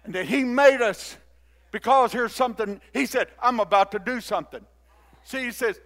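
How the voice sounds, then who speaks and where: An older man preaching a sermon and leading the congregation in call-and-response, moving between quiet talk and loud exhortation. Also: very high voice, moderate pace. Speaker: pastor.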